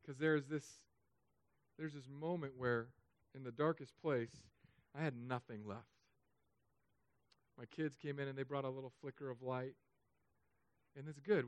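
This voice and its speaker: A man preaching a sermon as pastor, emotional, swinging between loud urging and soft, hushed stretches. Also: mid-range voice, dry recording.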